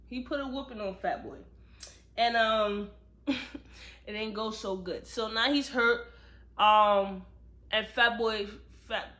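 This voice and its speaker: Recorded at home, a woman with a mid-range voice gives a casual book review, animatedly retelling the plot and acting out the characters' lines.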